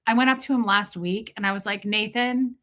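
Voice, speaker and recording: A woman hosting a casual livestream, telling animated stories and greeting viewers by name. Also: mid-range voice, quick pace. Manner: animated storytelling, reads out viewer names. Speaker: livestream host.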